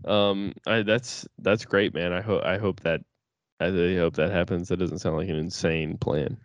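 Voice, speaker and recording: A man's voice: low voice, fairly even intonation, moderate pace, no room sound, highs cut off. A man co-hosting a casual podcast chat, laid-back, swearing often and restarting his sentences. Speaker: podcast co-host.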